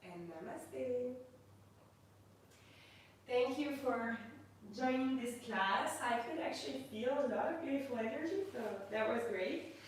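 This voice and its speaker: A woman with a French accent leading a yoga class on a livestream, giving calm, slow cues and then chatting and thanking her students. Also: high voice, slight background noise. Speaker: yoga instructor. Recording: echoey room, mic at a distance.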